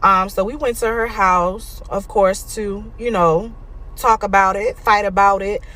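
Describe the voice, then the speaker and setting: A woman's voice: medium pitch, steady tone, unhurried, a bit bright. A young woman telling a personal story in a casual, matter-of-fact way, with frequent ums. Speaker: storyteller in a clip.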